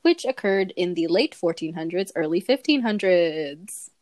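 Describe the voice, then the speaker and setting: A woman's voice: fairly low pitch, expressive, normal speed, darkish tone, dry recording. A woman co-hosting a podcast in casual chat, giggly and chatty, often hedging with fillers as she shares facts. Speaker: podcast co-host sharing facts. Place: Bay Area.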